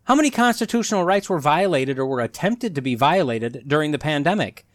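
Man, podcast host, sarcastic asides, animated pitch, dry close sound. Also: fairly quick, no echo. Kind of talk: solo commentary podcast.

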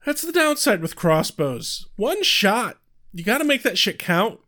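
A man co-hosting a podcast, chatty and quick to laugh while recapping an episode. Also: high voice. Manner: chatty, laughs often, animated. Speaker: podcast co-host. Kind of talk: casual chat recapping a TV episode.

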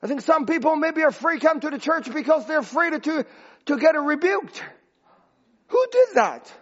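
High-pitched impassioned male pastor. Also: fairly quick, lo-fi sound. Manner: impassioned, shouting at peaks, broken non-native grammar. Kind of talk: sermon.

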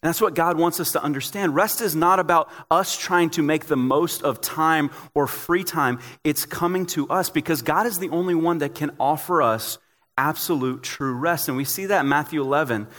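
A young man, a pastor, preaching a sermon in a relaxed, joking, storytelling way. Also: on the high side, moderate pace, in a large hall.

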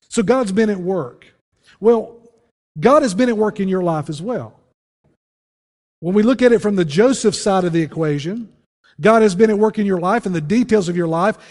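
A man preaching as pastor, earnest, often dropping low and quiet to press a point. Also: big-room sound. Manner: earnest preaching, voice drops low and soft on key phrases. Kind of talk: sermon.

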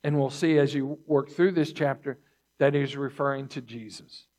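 A man preaching a sermon, teaching slowly and deliberately, repeating key phrases and clearing his throat between points. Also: medium pitch, fairly even intonation, a little mellow. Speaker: pastor.

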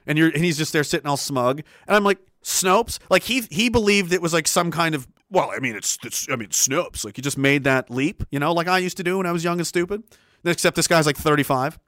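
A man's voice: fairly high pitch, quick pace, a bit bright, no echo, studio quality. A man from Canada hosting a livestream, reading chat messages aloud in a profane, rambling and emphatic way. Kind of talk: casual livestream rant.

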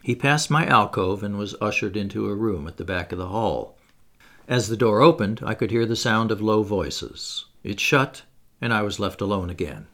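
A man reading a classic adventure novel aloud as an audiobook, in an expressive, dramatic way. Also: lowish voice, moderate pace. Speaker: audiobook narrator.

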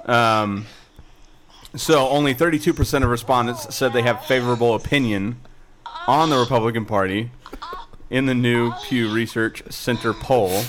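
A man's voice: medium pitch, normal speed, fairly bright tone. A man co-hosting a podcast, talking crudely in casual chat and rambling as he laughs between phrases. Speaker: podcast co-host. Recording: noticeable background noise.

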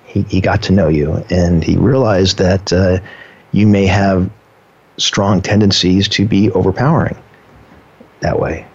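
A man talking casually and earnestly about his relationship, telling a story in a measured way with frequent fillers. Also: sits low, fairly even intonation, a little mellow, slightly rough. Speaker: partner in a couple being interviewed. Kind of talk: casual conversation. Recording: dull lo-fi sound.

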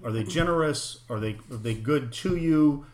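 A middle-aged man in a casual, frank discussion, swearing freely and talking with animated emphasis. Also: mid-range voice, moderate pace, reverberant. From United States, parents from Oklahoma and Arkansas.

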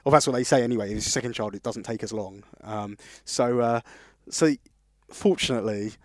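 A man's voice: fairly low pitch, fairly quick, dry recording, clean studio sound. A man, co-hosting a podcast and telling long rambling anecdotes in casual chat. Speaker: podcast co-host.

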